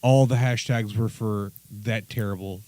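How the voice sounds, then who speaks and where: A man's voice: fairly low pitch, fairly even intonation, normal speed, noisy background. A man with a Kentucky accent hosting a podcast in casual banter, teasing his co-hosts and asking questions. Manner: joking, teasing, asks questions. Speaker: podcast host.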